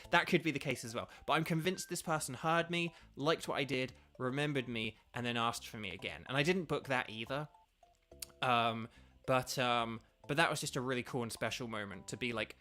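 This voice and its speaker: Bright, rambling English man streaming games. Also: medium pitch, brisk. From England. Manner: rambling, polite, self-deprecating, many fillers. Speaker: streamer and voice actor. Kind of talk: casual gaming stream chat. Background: faint game music.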